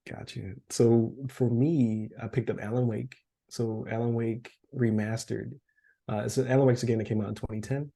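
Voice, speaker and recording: Guy rambling about video games on a podcast, gravelly and a bit husky, voice going hoarse. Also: medium pitch, level tone, normal speed, dark tone. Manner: rambling, laughs often, many fillers. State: losing his voice. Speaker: podcast co-host. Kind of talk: casual chat.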